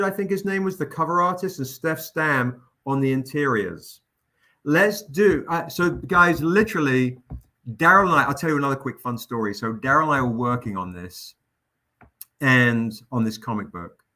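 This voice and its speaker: A man hosting a livestream, telling an anecdote in a casual, animated, profane way. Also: mid-range voice. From England. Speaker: comic publisher hosting a livestream.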